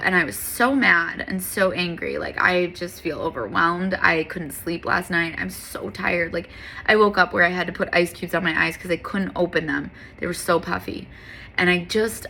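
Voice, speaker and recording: A woman's voice: lowish voice, creaky, sharp tone, slight background noise. A woman who teaches yoga, talking candidly and earnestly in a casual motivational monologue. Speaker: yoga and fitness instructor.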